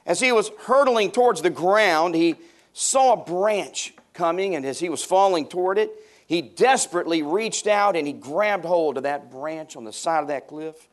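A male pastor delivers a sermon in a somewhat high voice. He presses his points with emphasis and repeats key lines for weight, addressing the congregation directly. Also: expressive, normal speed.

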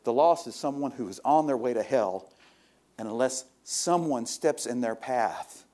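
A male pastor preaching a sermon, reading scripture and then explaining it, swinging between loud rising exhortation and quiet confiding talk. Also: mid-range voice, expressive, measured pace. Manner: reads scripture aloud, then explains it plainly.

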